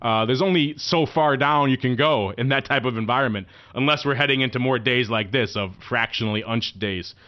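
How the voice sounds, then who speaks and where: A man hosting a podcast, tossing questions to his co-hosts and making teasing jokes. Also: medium pitch. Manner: joking, teasing, quick asides. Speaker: podcast host. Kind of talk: casual podcast banter. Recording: slightly muffled podcast audio.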